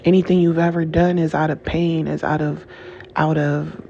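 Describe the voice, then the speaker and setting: A woman speaks to her viewers in a heated, emotional monologue, repeating herself and breaking off mid-sentence. Her voice stays level and flat in tone. The recording is dull and lo-fi with a faint hiss behind it. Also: deep voice, normal speed, gravelly. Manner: angry, repetitive, restarts often, curses. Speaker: channel host.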